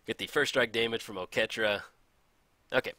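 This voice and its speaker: A man giving casual commentary over a card game as he plays, excitable and chatty, laughing often and poking fun at his own mistakes. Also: medium pitch, moderate pace, no room sound. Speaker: gameplay commentator.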